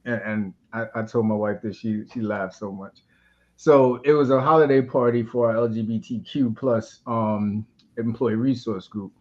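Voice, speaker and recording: A man's voice: medium pitch, fairly even intonation, moderate pace, darkish tone, lo-fi sound. A man co-hosting a podcast in casual chat, laid-back and joking, who often says "you know what I'm saying". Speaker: podcast co-host.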